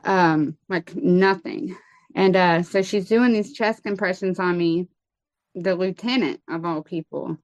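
A woman telling her personal story in an interview, halting and full of fillers and restarts. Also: lowish voice, a little mellow, no room sound. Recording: dull lo-fi sound.

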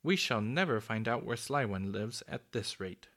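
A man's voice: on the low side, expressive, normal speed, fairly bright tone. A man voicing an earnest, curious young girl in a storybook reading.

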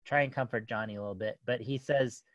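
A man in his thirties rambles through a family story, full of "like" and restarts and frequent laughter. His voice sits at an ordinary pitch, and the recording is dry and a bit dull. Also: fast talker, fairly bright tone, no room sound. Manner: rambling, many fillers and restarts, laughs often. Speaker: parent telling a story. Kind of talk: casual storytelling.

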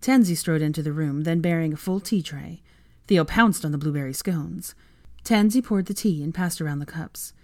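A woman with a low voice narrates fan fiction in a measured, plain way. The recording is close and dry, with no room sound. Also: darkish tone, no room sound. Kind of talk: audiobook narration.

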